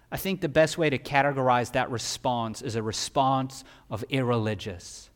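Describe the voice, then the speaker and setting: A male pastor preaching a sermon emphatically, swinging from loud peaks down to quiet. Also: medium pitch, moderate pace, few pauses. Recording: long hall reverb.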